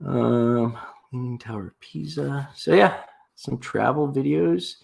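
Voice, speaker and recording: A man's voice: mid-range voice, slow pace, gravelly, a little mellow, breathy edge. A young man from Florida chatting casually on a livestream, rambling and restarting his sentences a lot. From Florida, USA. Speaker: livestream host. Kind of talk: casual live-stream chat.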